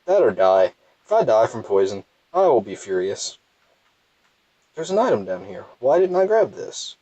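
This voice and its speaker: A man's voice: on the low side, big pitch swings, moderate pace, mellow, dry recording, dull audio. A young man with a thick Southern US accent, rambling and self-deprecating as he comments casually on his gameplay. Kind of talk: casual let's play commentary.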